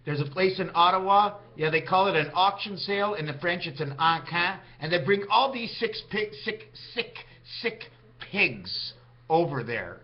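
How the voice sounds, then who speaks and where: A man vlogging a rambling monologue, jumping from topic to topic with big swings in pitch. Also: normal speed, few pauses, lo-fi sound.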